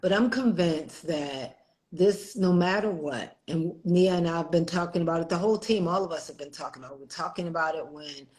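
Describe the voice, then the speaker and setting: A woman's voice: lowish voice, brisk, darkish tone, poor audio. A middle-aged woman co-hosting a live stream in casual chat, laughing often and talking with many fillers and restarts. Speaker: executive director and co-host. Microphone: video call.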